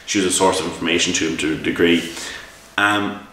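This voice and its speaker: An Irish man, a game reviewer and game master, gives a casual spoken review, launching into a long, exasperated tale about a tabletop game full of restarts and repeated words. His voice is deep and brisk with a sharp edge and fairly even intonation. The mic sits far off in an echoey room.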